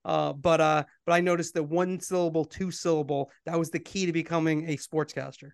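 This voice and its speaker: A man's voice: a little high, steady tone, a little fast, gravelly, smooth, no room sound, clean studio sound. A middle-aged man co-hosting a podcast in casual chat, telling stories and laughing easily. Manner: chatty, storytelling, laughs easily. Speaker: podcast co-host.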